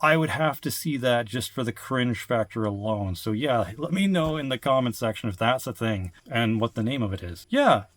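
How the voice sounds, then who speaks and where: A man's voice: mid-range voice, expressive, moderate pace, few pauses, dry recording. A man talking casually about his film collection, rambling with frequent restarts and filler words. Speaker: film collector reviewing movies. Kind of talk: casual vlog review.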